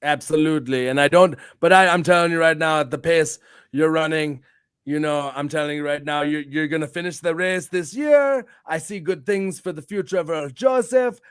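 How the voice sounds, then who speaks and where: A man's voice: a little high, moderate pace, fairly bright tone, clean tone, no room sound, studio quality. A man hosting a casual livestream show, brash and hyped, swearing freely and plugging his wrestling bookings. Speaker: host.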